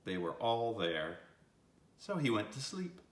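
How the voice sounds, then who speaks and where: An older man reading a children's picture book aloud with an expressive, storytelling delivery. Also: on the low side, unhurried, a little hiss or hum. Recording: roomy echo.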